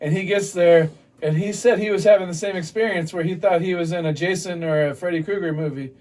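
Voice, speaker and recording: A man's voice: sits high, brisk, distant mic. A man telling a rambling, profane story in casual chat, acting out what others said. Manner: animated, profane, acts out quotes. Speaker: podcast guest.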